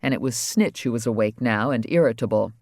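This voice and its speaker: A man reading a crime novel aloud as audiobook narrator, wry and steady. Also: medium pitch, fairly quick, no room sound, studio quality. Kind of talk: scripted narration.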